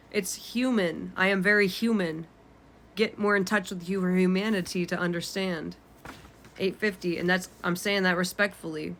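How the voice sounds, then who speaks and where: A woman's voice: lowish voice, fairly bright tone, a little hiss or hum. A woman in her twenties reading her own journal aloud, candid and unfiltered, swearing casually. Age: 20s. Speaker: vlogger.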